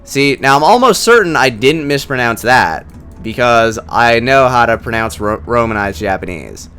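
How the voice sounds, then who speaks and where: A man's voice: medium pitch, expressive, moderate pace, pushed and bright, clean tone, faint music behind. A man hosting a let's play of a text-based game, making wry, self-mocking asides as he reads.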